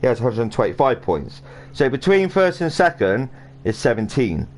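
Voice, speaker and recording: A man's voice: mid-range voice, sing-song, normal speed. A man casually commentating a sim racing stream, rambling and chatty with lots of fillers and restarts. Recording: noisy home stream audio.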